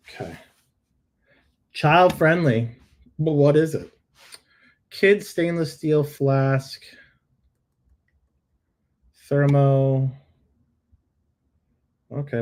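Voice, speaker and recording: This middle-aged host reviews product listings live over screen share, playful and jokey, musing aloud while editing images. He speaks in a mid-range, darkish voice.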